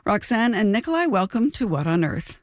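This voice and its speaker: A woman's voice: mid-range voice, sing-song, a little fast, no echo, studio quality. Woman hosting an interview podcast. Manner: clear, conversational presenting. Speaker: podcast host.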